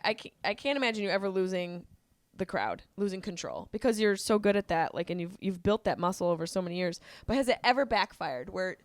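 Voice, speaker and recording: Woman podcast host, bouncy pitch, chatty and quick with reactions. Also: no room sound. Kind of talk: casual podcast interview.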